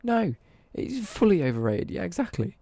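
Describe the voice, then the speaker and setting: A man's voice: high voice, big pitch swings, normal speed, mellow, no room sound. A young British man ranting on a casual live stream, sweary and worked up.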